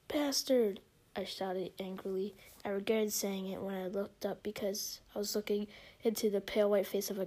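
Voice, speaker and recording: A woman reads a story aloud in a mocking tone, mostly in a husky, breathy half-whisper. She keeps giggling between lines. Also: mid-range voice, a little mellow.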